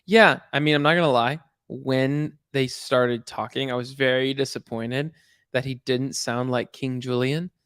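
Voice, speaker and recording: A man's voice: mid-range voice, fairly even intonation, a little slow, fairly bright tone, clear, resonant tone, no echo, clean studio sound. A man co-hosting a podcast, chatting casually about a cartoon episode, rambling and correcting himself as he goes. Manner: rambling, self-correcting, puts on voices when quoting. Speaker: podcast co-host. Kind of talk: casual review chat.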